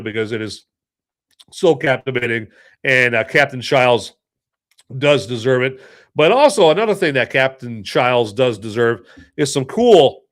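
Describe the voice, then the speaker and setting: A man hosting a podcast in a casual monologue, telling stories in a rambling, joking and animated way. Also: mid-range voice. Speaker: podcast host and movie reviewer.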